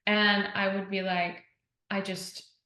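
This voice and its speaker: A woman's voice: mid-range voice, little pitch movement, slow pace, bright, forceful tone. Chatty woman guest in an echoey room. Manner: chatty, heavy use of "like", retells others' words. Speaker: podcast guest. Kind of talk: casual interview chat.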